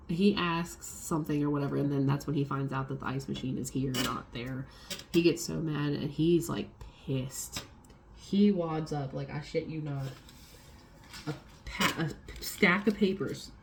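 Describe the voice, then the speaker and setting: A woman's voice: deep voice, a little hiss or hum. A young adult woman vlogging a casual storytime, swearing freely and acting out what others said. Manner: swearing, animated retelling with quoted voices.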